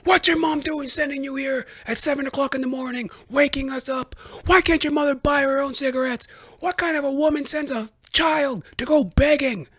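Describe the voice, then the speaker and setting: Here is an indignant, irritated neighbor who has just been woken too early and is scolding loudly, as a man acts it out in a sharply raised voice. The delivery is dry and close, with no room around it. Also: very high-pitched, steady tone, normal speed, hardly any pauses, no echo, voice pushed up.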